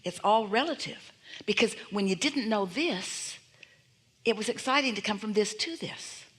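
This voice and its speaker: A woman's voice: medium pitch, lively intonation, normal speed, fairly bright tone, breathy edge. A woman teaching a live seminar audience, speaking as "we", with emphatic repeated affirmations and frequent rhetorical questions.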